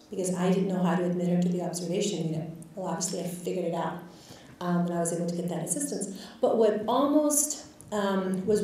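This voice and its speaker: A woman's voice: mid-range voice, warm tone, a little hiss or hum. Woman physician telling a patient story. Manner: candid, reflective, with filler words. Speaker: physician guest speaker. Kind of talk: storytelling in a lecture. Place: lecture hall. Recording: echoey lecture hall, far from mic.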